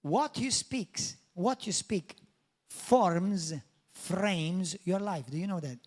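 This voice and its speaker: A man's voice: sits high, animated, slow. A man preaching a sermon as pastor, in an emphatic, declamatory style that builds to exclamations. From Malta.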